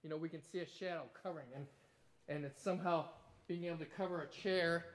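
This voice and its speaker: A man's voice: on the high side, steady tone, fast. A man preaching a sermon in an earnest, explanatory way, with conversational asides and strong emphasis on key words. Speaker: pastor.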